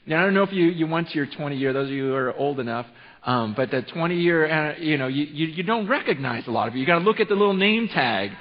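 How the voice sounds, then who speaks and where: A man's voice: fairly high pitch, expressive, fast. A man around forty from California, preaching a sermon as a pastor, telling an emotional story full of restarts. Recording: reverberant hall, dull sound.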